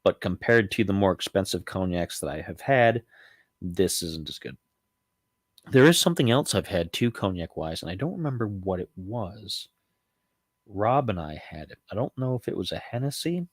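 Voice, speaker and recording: A deep-voiced man with lively intonation talks at normal speed while reviewing cognac on his casual home spirits vlog, recorded without echo. He rambles, with many ums, restarts and self-corrections.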